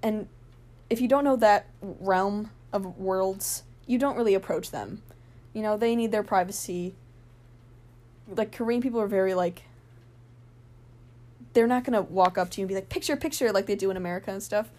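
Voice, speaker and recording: A young woman telling a rambling, excited story in a casual vlog, full of fillers and laughs. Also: medium pitch, normal speed, long pauses.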